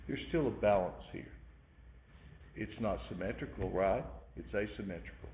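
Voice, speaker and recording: A man's voice: lowish voice, normal speed. A man teaching an art class, recapping in a rambling way with many fillers and asides. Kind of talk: recorded lecture recap. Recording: echoey room over a tinny phone-like line with faint noise.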